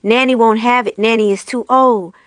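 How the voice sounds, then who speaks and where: A woman's voice: fairly high pitch, steady tone, normal speed, clear, resonant tone, no room sound, lightly acted. A woman voicing a fussy, grumbling old female nanny in an audiobook reading, muttering to herself.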